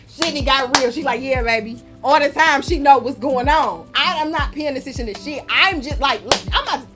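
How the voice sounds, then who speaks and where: Young woman, raised voice, profane animated storytelling, music behind. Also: high-pitched. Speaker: podcast host. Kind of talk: casual monologue.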